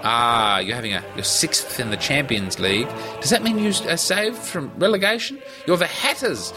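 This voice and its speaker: A man hosting a podcast alone, rambling playfully and swooping his pitch for jokes, with music behind him. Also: moderate pace. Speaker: podcast host. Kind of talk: rambling comedic monologue.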